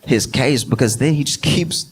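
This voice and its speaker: A man's voice: medium pitch, moderate pace, slightly rough. A male stand-up comedian telling a rambling, self-deprecating story on a live stage. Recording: live audience laughter and noise.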